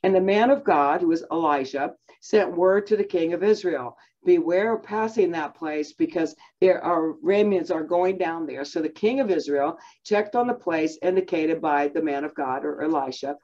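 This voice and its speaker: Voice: mid-range voice, moderate pace, few pauses, darkish tone, highs cut off. A Bible teacher giving a conversational lesson, talking in a chatty way with many fillers and self-restarts.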